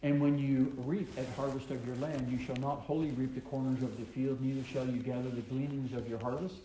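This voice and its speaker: A man's voice: medium pitch, steady tone, brisk, dark tone. A man teaches a Torah portion, reading verses aloud and explaining them with frequent ums and uhs. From American South. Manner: reads scripture aloud then explains it, with many ums and uhs. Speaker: Bible teacher. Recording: echoey room with faint noise.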